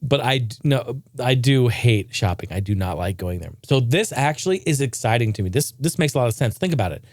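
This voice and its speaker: A man's voice: mid-range voice, fairly quick, few pauses, no echo, studio quality. A man hosting a podcast, talking in a casual, profane rant. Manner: profane, ranting, animated. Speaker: podcast host. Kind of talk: casual ranting monologue.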